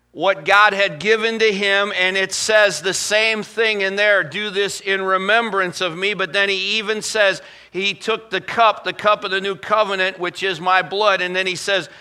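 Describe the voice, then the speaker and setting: Middle-aged pastor guy preaching, folksy stories, kinda high bright voice. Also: clear, resonant tone. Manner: folksy storytelling, slows for scripture quotes. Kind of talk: sermon.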